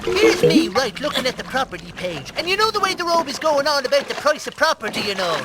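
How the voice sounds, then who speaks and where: An actor voicing a dim-witted, excitable Irish puppet who giggles and talks slowly and gleefully, in an Irish accent. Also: male voice, extremely high pitch, over loud music. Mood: dopey. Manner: giggly, gleeful, slow and gormless. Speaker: puppet co-host.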